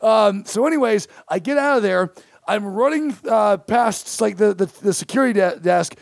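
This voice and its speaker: High gravelly man telling a story. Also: moderate pace, dry recording, studio quality. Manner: animated, profane, acts out quotes. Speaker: comedian guest. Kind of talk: casual storytelling chat.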